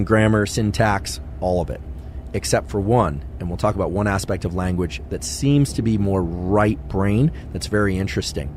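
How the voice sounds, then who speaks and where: Guy with a lowish voice lecturing on science, slow and explanatory, faint engine hum behind. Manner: calm, explanatory, measured.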